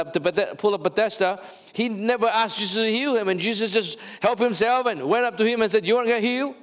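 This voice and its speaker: A male pastor preaching a sermon, addressing the congregation directly, animated and drawing words out as he cries them louder. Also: high voice, big-room sound. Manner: talks straight to the congregation, with fillers and restarts. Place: church sanctuary.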